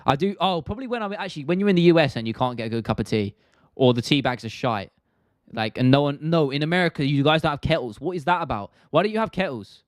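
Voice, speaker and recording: A man's voice: a little high, expressive, fast, no room sound, clean studio sound. A young British man hosting a live stream, chatting casually and answering viewer questions in a laid-back, rambling, slangy way.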